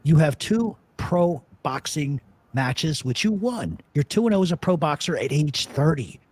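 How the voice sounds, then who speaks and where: A slightly high, sing-song voice, a little slow, a little mellow and slightly rough, comes from a radio show host. He's a profane, blunt storyteller, chatting casually and arguing his points with plenty of swearing.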